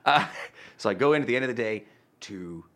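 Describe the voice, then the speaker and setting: Guy in his 30s telling stories, swings his pitch all over, swears a lot, bright sound. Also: a little fast. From Utica, New York, USA. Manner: animated storyteller who acts out quotes and swears freely. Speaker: podcast guest. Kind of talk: casual chat.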